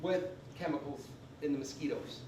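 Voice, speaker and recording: A man's voice: a little high, normal speed, warm tone, recorded from a distance, a little hiss or hum. A man presenting a live class on veterans benefits, folksy and emphatic, often checking in with "okay?". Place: convention meeting room. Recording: echoey room recorded from afar.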